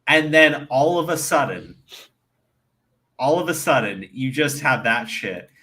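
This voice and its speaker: A young man on a livestream who talks in an excitable, profane way, jumping into animated retellings. His voice is bright and forceful, with a tense edge when he gets worked up. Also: mid-range voice, measured pace. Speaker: streamer. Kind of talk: casual chat.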